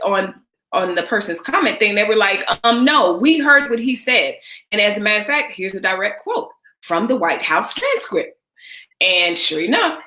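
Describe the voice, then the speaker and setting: A woman's voice: mid-range voice, bright, forceful tone, echoey room, low-quality recording. A woman hosting a casual livestream chat, candid and emphatic, speaking straight to her viewers with a sarcastic edge. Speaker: livestream host.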